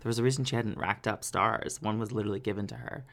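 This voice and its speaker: Female co-host, very deep voice, laid-back rambling chat. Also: fast talker. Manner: relaxed, rambling, lots of "like". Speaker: podcast co-host. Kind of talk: casual chat.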